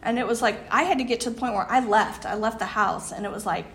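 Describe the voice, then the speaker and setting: A woman in her fifties gives an earnest devotional talk to a women's group, laughing often as her voice fades and dips quiet at the ends of phrases. She speaks fast in a fairly high voice with hardly any pauses. Slight background noise can be heard.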